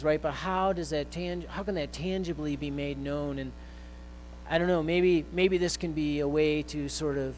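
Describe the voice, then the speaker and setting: A man preaching a sermon in a conversational way, with fillers and restarts, growing louder and more intense when he quotes scripture. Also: fairly high pitch, slight background noise, poor audio. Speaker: pastor.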